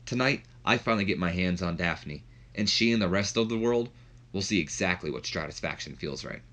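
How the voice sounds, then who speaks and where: A man voicing a determined female wrestler in a flat, low tone. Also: fairly quick.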